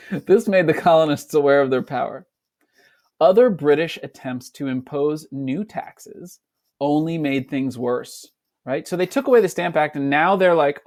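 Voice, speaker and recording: Guy teacher walking kids thru a reading, bit higher voice, jumps into silly voices. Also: a little mellow. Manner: breaks into quick, playful voices for kids and colonists. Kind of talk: reading a passage aloud and explaining it to kids.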